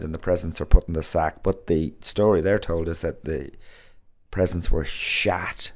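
A man talks casually as a podcast host. His voice sits very low. He rambles, circling back with fillers and restarts. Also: darkish tone.

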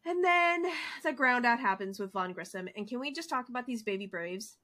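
A woman co-hosting a casual sports podcast, recapping games in an animated, excitable way with lots of fillers. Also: fairly high pitch, fairly quick. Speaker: podcast co-host.

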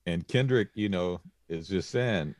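A man co-hosting a casual podcast, speaking in a measured, hesitant way with many fillers. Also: low voice, dry recording, studio quality. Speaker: podcast co-host. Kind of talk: casual chat.

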